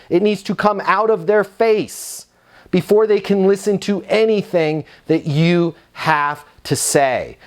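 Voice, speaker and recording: Emphatic high-voiced man sales trainer. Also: smooth. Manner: emphatic, repetitive, fired up. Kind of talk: energetic seminar teaching.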